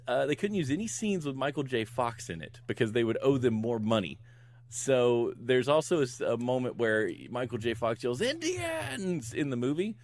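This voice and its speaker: A middle-aged man recapping a movie on a podcast, laughing often and acting out the characters' lines as he goes. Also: mid-range voice. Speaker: podcast co-host recapping a film. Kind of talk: casual chat.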